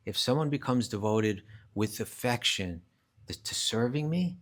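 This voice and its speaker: A man's voice: medium pitch, lively intonation, a little slow. A man teaching a live scripture class, explaining emphatically, restarting phrases often and reciting verses in Sanskrit. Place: class at a rural retreat centre.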